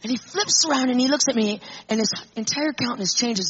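A Christian woman speaker tells a personal story and acts out the people in it. Her voice is high and husky. The recording sounds dull and lo-fi. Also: fairly quick, few pauses. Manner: animated storyteller, acts out quotes. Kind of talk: storytelling testimony. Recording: muffled lo-fi recording.

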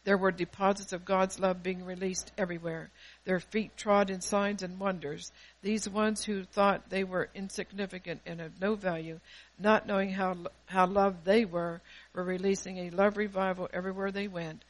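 A woman pastor delivering a fervent sermon, swelling loud and dropping soft, often restarting her phrases. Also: medium pitch, flat delivery, moderate pace, poor audio.

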